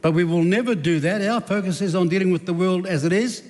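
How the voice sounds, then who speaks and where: The echo of a large debating chamber surrounds this New Zealand minister's combative, sarcastic speech. His voice is high, fairly quick, and a little mellow.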